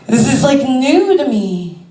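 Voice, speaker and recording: A woman's voice: high voice, sing-song, unhurried, dark tone, slight background noise. A woman doing a stand-up comedy set, talking in a rambling, conversational way with lots of fillers. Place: comedy club stage before a crowd. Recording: roomy club sound from a distance.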